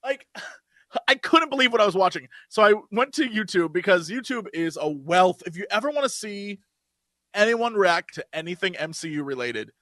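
An excitable man with a very high, bright voice rants through casual podcast chat. His pitch swings widely as he acts out scenes, and the close mic sounds dry. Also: normal speed, dry recording. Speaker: podcast co-host.

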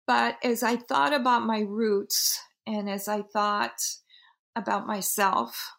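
A woman from Peru, middle-aged, telling the story of the brand she founded in a reflective, halting way, with many restarts and fillers. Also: a little high, little pitch movement, gravelly, a bit bright.

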